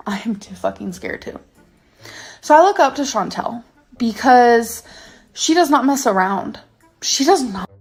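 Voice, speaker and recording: A woman in her thirties ranting angrily to camera in a vlog, swearing and stressing her words. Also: on the high side. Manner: angry, profane, emphatic rant. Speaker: YouTuber.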